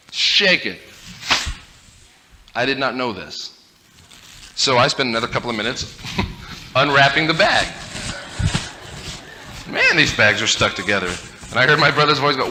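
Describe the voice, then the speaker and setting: A man giving a humorous storytelling talk, animated and self-mocking. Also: medium pitch, moderate pace, long pauses, noisy background. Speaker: speaker.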